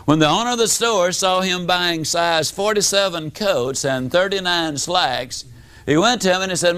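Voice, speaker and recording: A man's voice: normal speed, fairly bright tone, smooth. Folksy man telling a story. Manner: folksy, dramatic, wide pitch swings. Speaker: motivational speaker. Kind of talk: storytelling speech to an audience.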